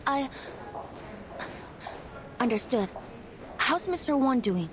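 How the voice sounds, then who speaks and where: A man voicing an earnest young woman agent in a soft falsetto while reading a game aloud. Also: very animated, slow, slight background noise, heavily acted.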